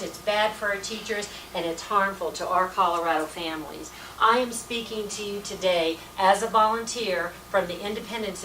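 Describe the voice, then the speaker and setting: A woman's voice: mid-range voice, fairly bright tone. A woman speaking as a volunteer at a political meeting, talking in an emphatic, folksy way with lots of repetition. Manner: emphatic, folksy, repetitive "let me tell you". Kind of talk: informal political presentation. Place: meeting room. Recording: echoey room, distant mic, faint hiss.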